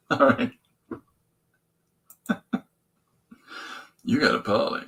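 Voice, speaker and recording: A man's voice: sits low, sing-song, extremely slow, creaky, pauses often, a bit bright, husky, rough recording. A man hosting a live stream, chatting loosely and joking while he draws comics. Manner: joking, meandering, lots of restarts. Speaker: host drawing comics on a stream. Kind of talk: rambling live-stream chat while drawing.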